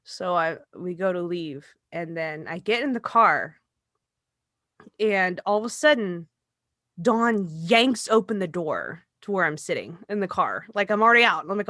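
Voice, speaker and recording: A woman's voice: mid-range voice, animated, unhurried, fairly bright tone, no echo, studio quality. A young adult woman co-hosting a podcast, telling a story in casual chat and acting out the quotes with lots of swearing. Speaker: podcast co-host.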